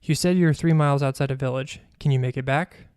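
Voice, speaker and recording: A man reading as a brisk female doctor. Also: medium pitch, a little mellow, clean tone, dry recording, clean studio sound, lightly acted. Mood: businesslike. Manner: businesslike, matter-of-fact.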